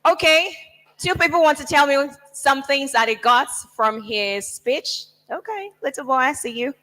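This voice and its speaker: Bright-voiced woman emceeing. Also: mid-range voice, big-room sound, poor audio. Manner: lively, coaxing, warmly firm with students. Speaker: master of ceremonies. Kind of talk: event hosting.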